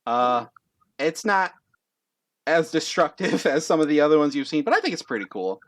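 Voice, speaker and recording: A man's voice: a little high, very animated, moderate pace, pitched above the performer's own voice. A man voicing an eager sixteen-year-old boy showing off his power in a tabletop game. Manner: eager, boastful.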